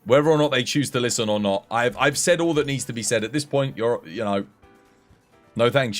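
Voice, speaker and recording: A man with an English accent, chatting casually on a game livestream and coaching viewers in a relaxed, friendly way. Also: medium pitch, a little fast, soft background music. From England. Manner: relaxed, chatty, addresses chat as mate.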